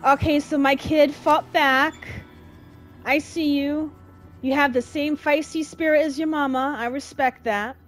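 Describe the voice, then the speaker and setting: A young woman giving emotional, dramatic let's-play commentary in casual slang, reacting loudly to what happens in the game. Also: sits high, steady tone, measured pace, soft background music. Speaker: gamer.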